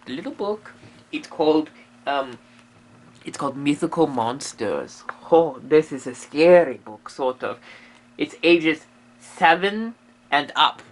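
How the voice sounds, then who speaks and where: A man's voice: fairly high pitch, expressive, slow pace. A man hosting a comedic monster explainer, rambling in a playful, goofy way full of silly asides. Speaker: comedic host playing a medium.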